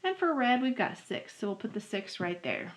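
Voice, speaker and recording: A woman's voice: mid-range voice, big pitch swings, normal speed. A woman teaching a math lesson, talking students through each step aloud in a friendly way. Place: home.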